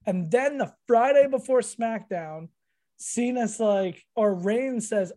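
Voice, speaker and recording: A man's voice: very high voice, takes it slowly, warm tone. A man co-hosting a podcast, rambling and swearing through casual chat, laughing often. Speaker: podcast co-host.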